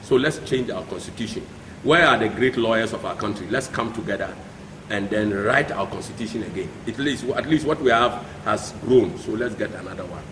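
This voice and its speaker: A Ghanaian man, a pastor, preaching with passion, swinging between hushed pleading and sudden shouts. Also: on the low side, expressive, brisk, echoey room, big-room sound, noisy background. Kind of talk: preaching commentary.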